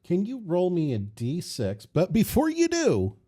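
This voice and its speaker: A man narrating a tabletop game as game master, playful and unhurried. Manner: slow, playful narration with lively pitch.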